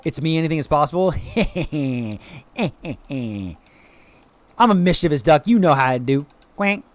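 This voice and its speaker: A man's voice: on the high side, very fast, no room sound. A man from the United States chatting casually to viewers while streaming a game, greeting chat and dropping playful quacks. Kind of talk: casual live-stream chat over gameplay.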